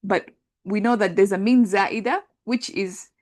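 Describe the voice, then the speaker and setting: A woman teaching an Arabic grammar class, talking through translations in a relaxed conversational way with many fillers. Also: medium pitch, unhurried. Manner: explains patiently, thinks aloud with many fillers; reads translations aloud and compares them.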